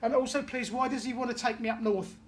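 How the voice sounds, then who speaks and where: A woman with a fairly high voice gives a medium reading in a chatty, conversational way. She passes on messages and keeps checking that her listener follows. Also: steady tone, fast talker. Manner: chatty, relays messages, often checks in with "do you understand".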